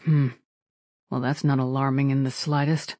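A sick ship captain in an audiobook, rough-voiced and shivering, pushing words out through gritted teeth with grim humor, as the reader puts him on. The sound is close and dead dry. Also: male voice, mid-range voice, little pitch movement, moderate pace, a little mellow, no room sound, lightly acted. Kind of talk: audiobook character voice.

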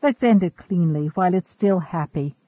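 A man reading the part of a centuries-old woman scientist, speaking in a measured, calm, gently firm way. The recording is tinny and narrow-band. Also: high voice, no echo. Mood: reflective.

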